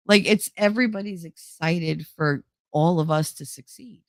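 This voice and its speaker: A lower-voiced woman talks straight to her viewers, excitable and all in. She swears freely and laughs a lot. The sound is close and dry, with no room around it. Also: moderate pace, hardly any pauses, no room sound. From New Jersey. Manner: excitable, blunt and profane, laughs often. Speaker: streamer. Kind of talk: casual chat with viewers.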